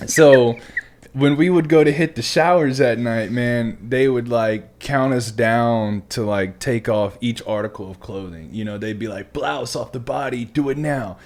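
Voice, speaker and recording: A man hosting a podcast, a military veteran telling stories in casual chat who swears freely, laughs often and drops to a hushed voice for asides. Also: medium pitch, fairly even intonation, measured pace.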